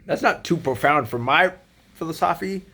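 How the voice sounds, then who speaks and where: A man's voice: a little high, lively intonation, moderate pace, sharp tone. A man giving a casual late-night monologue, rambling and profane with laid-back slang, often laughing as he talks. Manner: laughs often while talking. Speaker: solo vlogger.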